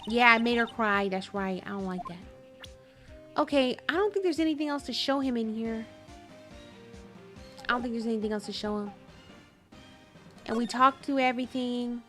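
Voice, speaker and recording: A woman's voice: on the high side, moderate pace, long pauses, a bit bright, faint music behind. A woman streamer giving casual commentary over a game, chatty and exclaiming as she talks to her chat. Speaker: gaming streamer.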